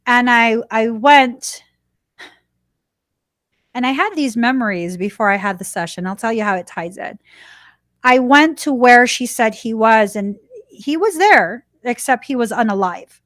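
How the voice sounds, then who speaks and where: Chatty woman host, bright higher voice. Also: measured pace, no room sound, studio quality. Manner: animated, chatty, laughs while telling. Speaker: podcast host. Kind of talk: casual personal storytelling.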